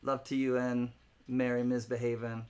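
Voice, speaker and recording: A man's voice: mid-range voice, flat delivery, moderate pace, darkish tone. Guy running a live coin auction stream, joking around, greets folks by name, mid-range voice. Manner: jokey, rambling, laughs often, chats with viewers by name; spells out words letter by letter for fun.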